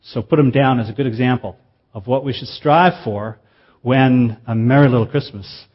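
A man preaching a sermon in an earnest, measured way, slowing down for emphasis. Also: medium pitch, breathy edge, dull audio.

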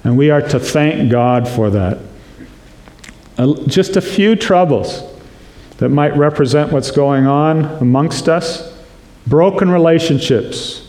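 A man preaching a sermon as pastor, slow and earnest, acting out prayers in quotes. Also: medium pitch, darkish tone. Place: church sanctuary. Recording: echoey church room.

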